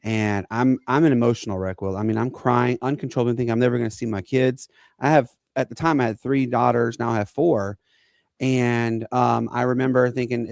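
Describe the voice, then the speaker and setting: A man, co-hosting a podcast and telling a personal story in an earnest, halting way. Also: mid-range voice, steady tone, vocal fry, a little mellow, no room sound. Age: 40s. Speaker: podcast co-host.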